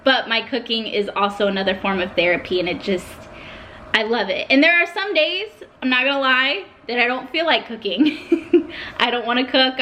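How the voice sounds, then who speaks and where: Bright-voiced young woman vlogging. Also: a little high, a little hiss or hum. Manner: heartfelt, emotional at times. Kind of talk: casual talk to camera.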